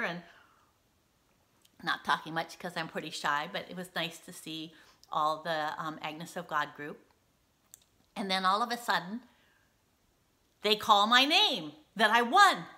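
A middle-aged woman hosting her own show, telling a story in a casual, animated way. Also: mid-range voice. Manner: lively, animated retelling with laughs. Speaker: host.

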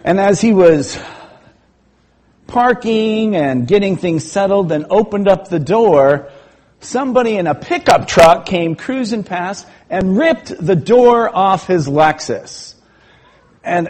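A man preaching in a church with a rather high, husky voice. He takes his time, telling a story and giving the people in it their own lines, then drawing out the lesson in measured phrases. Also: big pitch swings, a little mellow. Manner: storytelling with acted-out quotes, slow and measured. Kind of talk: sermon.

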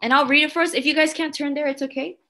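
A woman children's pastor preaching to kids, animated and asking the room questions. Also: sits high, fast. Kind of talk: children's sermon.

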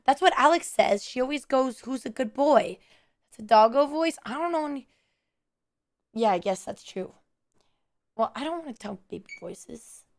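A young woman streamer with a hoarse, strained voice, chatting casually and playfully cooing at a pet bird. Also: high-pitched, expressive, moderate pace, pauses often. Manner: playful, coos and sing-songs at a pet bird. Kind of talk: casual live-stream chat.

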